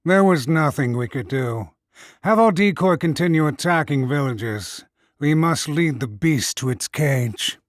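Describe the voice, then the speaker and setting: A stern male soldier with firm, clipped lines, as a man voices him. His voice sits a little higher than usual and sounds close and dry. It is an audiobook character. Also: expressive, measured pace, no echo. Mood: cold.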